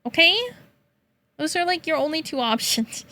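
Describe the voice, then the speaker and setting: A young woman streaming, chatting playfully with her viewers, teasing and laughing often and breaking into high meows. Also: moderate pace, sharp tone. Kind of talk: casual chat with chat.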